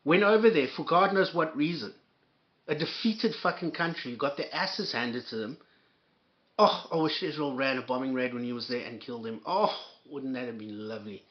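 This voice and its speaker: A man ranting in an angry, profane commentary, stumbling and repeating himself as he goes. His voice is mid-pitched and comes through dull and muffled on a lo-fi recording. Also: normal speed. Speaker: commentary host.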